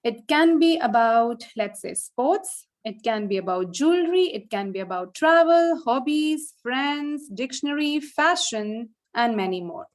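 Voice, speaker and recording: A woman's voice: on the high side, expressive, a little slow, hardly any pauses. A woman from India, teaching an IELTS speaking lesson in a patient, explanatory way and often asking "right?". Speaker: English teacher.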